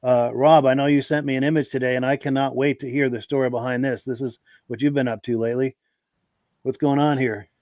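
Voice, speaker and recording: A man hosting a live podcast with a gravelly voice and a lingering cough. He talks straight to his viewers in a friendly way. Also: medium pitch, steady tone, a little fast, dry recording, muffled recording. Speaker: podcast host.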